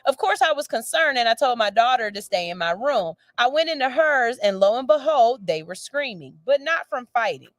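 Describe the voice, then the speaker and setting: A woman's voice: fairly high pitch, very animated, normal speed, hardly any pauses, dry recording. A woman radio host reads out a listener's letter and gives a blunt, sassy, profane verdict with theatrical outbursts.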